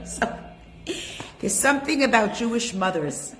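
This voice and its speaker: A woman's voice: mid-range voice, expressive, slow pace, long pauses, fairly bright tone. A woman teaching a women's class online, chatting and greeting each attendee by name. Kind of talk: casual online class talk.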